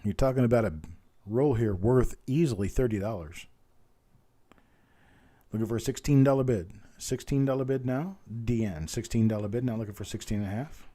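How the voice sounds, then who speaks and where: Dude hosting a live coin auction, calling bids fast and chatting with folks, super dark mellow voice, bit worn out. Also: male voice, medium pitch. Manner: rattles off bid calls fast, chats with viewers by name. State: voice strained from talking.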